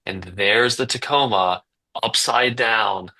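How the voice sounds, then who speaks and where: Bright-voiced young man telling a story. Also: fairly low pitch, slow pace, low-quality recording. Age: 20s. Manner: rambling, many fillers and restarts. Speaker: guest, business owner. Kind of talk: casual podcast storytelling.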